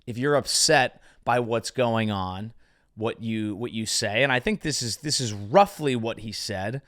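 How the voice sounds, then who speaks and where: A man hosting a comedy show, delivering a sarcastic, ranting monologue that swings from loud outbursts to mumbled asides. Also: medium pitch, unhurried. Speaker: comedian host. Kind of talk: stand-up style comedic monologue.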